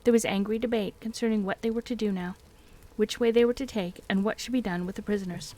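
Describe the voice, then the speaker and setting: A woman reading a fantasy novel aloud on a live stream in a calm, steady storytelling voice. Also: mid-range voice, quick pace. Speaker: reader and streamer.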